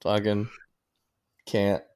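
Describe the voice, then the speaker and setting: A man's voice: fairly low pitch, little pitch movement, extremely slow, darkish tone, clear, resonant tone, dry recording, clean studio sound. A man co-hosting a podcast, ranting in casual chat and swearing constantly. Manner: profane, ranting. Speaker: podcast co-host.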